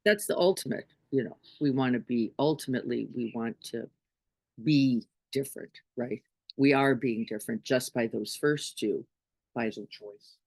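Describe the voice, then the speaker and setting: A woman's voice: a bass voice, normal speed, a little mellow, dry recording. Conversational woman giving a spiritual talk. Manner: conversational, often checks in with "right?". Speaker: spiritual teacher. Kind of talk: informal spiritual talk to a group.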